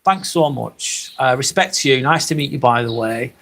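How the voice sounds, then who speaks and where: A man's voice: mid-range voice, moderate pace, vocal fry, a bit bright. A man with a Lancashire accent from Northwest England, hosting a live stream and chatting casually with his viewers, swearing freely. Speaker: livestream host. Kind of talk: live stream chat reading.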